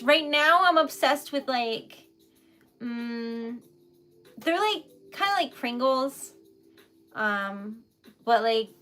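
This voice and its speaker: A woman's voice: fairly high pitch, fairly bright tone. A young woman from New England chatting casually with live viewers, emotional and giggly, rambling with lots of fillers. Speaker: livestream host, poet.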